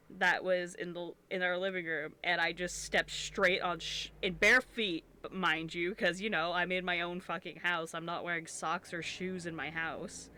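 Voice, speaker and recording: A woman's voice: on the low side, pushed and bright. A young woman streamer, congested and sniffling, chatting casually and rambling while she crochets, swearing freely and restarting her sentences.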